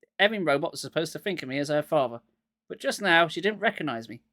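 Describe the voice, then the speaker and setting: A man's voice: fairly high pitch, animated, fast talker, bright, forceful tone, no echo, studio quality. A man reading aloud, voicing a weary, matter-of-fact man who builds robots.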